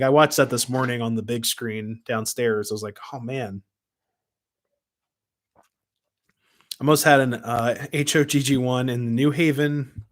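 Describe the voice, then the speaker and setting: A chatty man talking live from his home, speaking into a camera mic at his desk. He rambles loosely, trails off with fillers, and breaks off to greet viewers and answer their comments. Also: mid-range voice. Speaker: live stream host. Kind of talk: casual live-stream chat. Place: home room with model trains.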